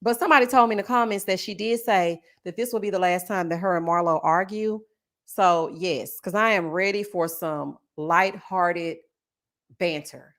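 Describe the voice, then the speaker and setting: A woman chatting casually to her viewers, sassy and animated, calling them honey and child and laughing often. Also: lowish voice, normal speed. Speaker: YouTube reality TV commentator. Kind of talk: casual live-stream chat reading comments.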